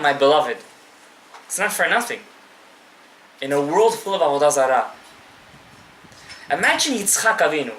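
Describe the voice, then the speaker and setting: Male rabbi teaching a live class, impassioned and direct, bright tone, swinging pitch, echoey room. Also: slight background noise. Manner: impassioned, addresses listeners directly, mixes in Hebrew terms. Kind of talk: live Torah class to an audience.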